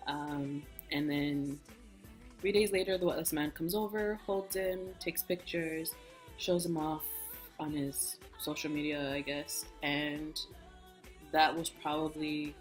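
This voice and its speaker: A young woman with a lowish voice shares a personal story in a frank, lively way, slipping into the voices of the people in it. Soft music plays quietly under her. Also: takes it slowly. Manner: candid, animated storytelling, acts out quoted speech. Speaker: vlogger. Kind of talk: casual storytime chat. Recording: soft music bed behind.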